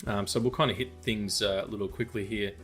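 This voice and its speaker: A man's voice: on the low side, fairly even intonation, fast talker, a bit bright, soft background music. A man co-hosting a podcast, chatting casually about film news with lots of fillers, restarts and tangents. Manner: rambling, full of fillers and tangents. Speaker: podcast co-host.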